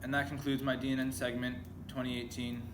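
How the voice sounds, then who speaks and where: A teenage boy talks through a school video diary, hesitant and mumbling and padding his answers with ums. His voice sits at an ordinary pitch for a young man. The recording carries a steady noisy hiss behind him. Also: fairly quick. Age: teens. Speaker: high school student. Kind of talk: self-interview video diary.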